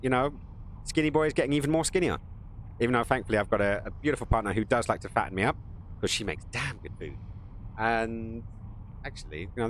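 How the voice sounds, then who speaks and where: A man's voice: medium pitch, fairly bright tone, slight background noise. A man giving casual, rambling live-stream commentary while playing a game, joking with his viewers. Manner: rambling, jokey, chatting to viewers.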